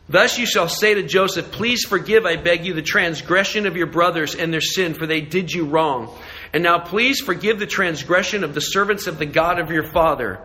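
A middle-aged man preaching a sermon, moving between slow, emphatic lines and quick asides, and acting out characters in hushed voices. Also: a little high, slight background noise, poor audio. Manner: acts out voices of the brothers in hushed tones. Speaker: pastor.

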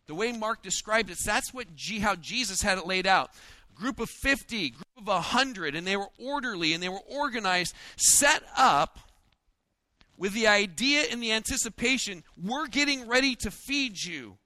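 A man preaching a sermon in a folksy, joking way, acting out the disciples' lines in quick asides. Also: high-pitched, animated, bright, forceful tone, no room sound. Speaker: pastor.

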